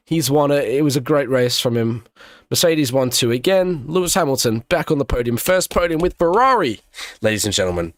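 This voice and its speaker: A man hosting a live race watch-along, reacting with loose, slangy excitement and wrapping up the coverage. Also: medium pitch, fairly quick, no room sound, studio quality. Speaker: host.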